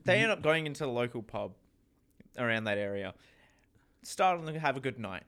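Brief: New man, bright tense tone, animated pitch, teasing narrator. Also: brisk. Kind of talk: casual improvised storytelling.

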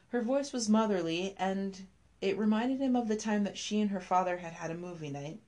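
A woman reading a scripted story aloud, telling it in a measured, even way. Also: medium pitch.

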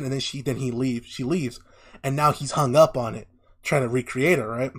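A young man in casual chat, retelling a story with lively acted-out voices and lots of swearing. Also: mid-range voice, brisk, slightly rough. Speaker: podcast co-host. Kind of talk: casual chat, animated retelling of an anime plot.

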